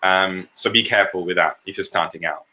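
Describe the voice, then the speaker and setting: Bright-voiced man coaching voiceover. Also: deep voice, fairly even intonation, a little fast. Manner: explanatory, checks in with "okay?". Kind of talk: live online Q&A lesson.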